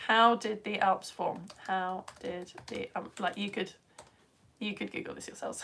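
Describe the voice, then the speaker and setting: A British woman in her thirties teaching a live science lesson for children, chatty, excitable and quick to laugh at herself. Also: medium pitch, creaky. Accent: British English. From United Kingdom. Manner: chatty, excitable, self-mocking.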